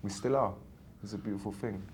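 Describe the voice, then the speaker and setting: Speaking quickly in a lowish voice, a thirty-something actor from England chats through an informal interview. His storytelling is animated and full of restarts, and there's a slight hiss or hum in the background.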